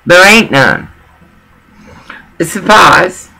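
A woman's voice: on the low side, animated, very slow, gravelly, pushed and bright, breathy edge, low-quality recording. A woman talking in a rambling personal monologue, emotional and digressive, often repeating herself.

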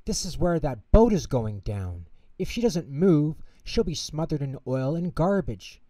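A man voicing a big, kind, gentle male whale in a storybook, talking in a friendly, chatty way. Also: a little high, sing-song, a little slow, no room sound, pitched above the performer's own voice. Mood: alarmed.

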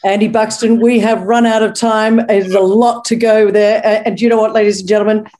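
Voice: mid-range voice, little pitch movement, a little fast, a little mellow. A conference host wrapping up an interview with an upbeat, emphatic sign-off to viewers.

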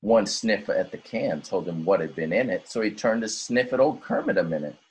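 A male teacher reading a rhyming story aloud in an expressive, sing-song way. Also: lowish voice, moderate pace, slightly rough.

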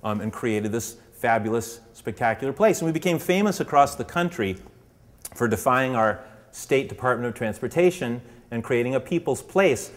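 Brief: male speaker, lively storyteller, slips into character voices, mid pitch. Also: moderate pace, in a large hall. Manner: animated, puts on voices for characters. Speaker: public speaker. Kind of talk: storytelling lecture to an audience.

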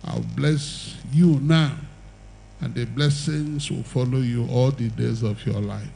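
A man's voice: medium pitch, fairly even intonation, slow pace, creaky, warm tone, poor audio. An older man preaching an evangelistic sermon and altar call, with emphatic, repetitive exhortation and the odd chuckle.

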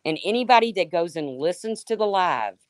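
A woman's voice: lowish voice, animated, fairly quick, dry recording. A woman hosting a livestream, sarcastically calling out a rival and answering her chat by name. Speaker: livestream host. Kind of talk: confrontational livestream rant.

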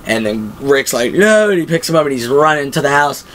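A young man hosting a casual fan recap, retelling scenes in an excited, rambling way and briefly voicing the characters he quotes. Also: medium pitch, fairly quick, slight background noise. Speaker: show host.

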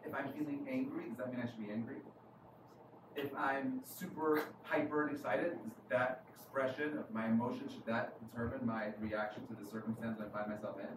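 Rabbi with a New York accent, echoey. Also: male voice, medium pitch, fairly even intonation, brisk. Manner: conversational, keeps asking "right?". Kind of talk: sermon. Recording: echoey room from far off, noisy.

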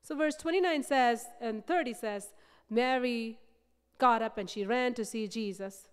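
A woman preaching a sermon in a church, passionate and emphatic, repeating phrases and swinging between loud build-ups and soft, low passages. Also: a little slow, clean tone. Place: church sanctuary. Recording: long reverb of a church hall.

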